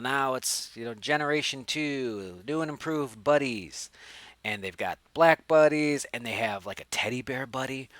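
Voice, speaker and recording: Profane, rambling podcast host. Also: male voice, on the low side, pushed and bright, no room sound. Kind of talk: casual movie review chat.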